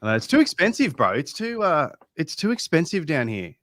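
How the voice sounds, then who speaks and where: A man's voice: a little high, very animated, a little fast, a bit bright, dry recording. Blunt Australian man, dry sound. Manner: blunt, swears freely, says bro a lot. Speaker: podcast guest. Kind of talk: casual podcast chat.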